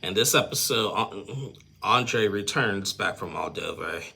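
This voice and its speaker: A man's voice: lowish voice, expressive, measured pace, gravelly, sharp tone, slightly rough. A man giving a casual, rambling, opinionated recap of a reality TV episode, full of fillers and little chuckles.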